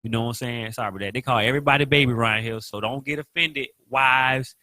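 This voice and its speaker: A man's voice: mid-range voice, fast talker, sharp tone, no echo. A young adult man with a Southern US accent, co-hosting a casual chat, playful and teasing, often acting out other people. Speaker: co-host.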